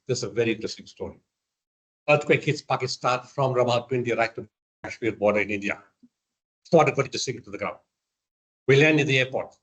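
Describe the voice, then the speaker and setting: Un hombre de Sudáfrica da una conferencia narrando anécdotas de forma directa y animada, representando los diálogos con distintas voces. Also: male voice, medium pitch. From South Africa. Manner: blunt, animated storyteller acting out dialogue. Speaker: lecturer. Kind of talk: storytelling lecture.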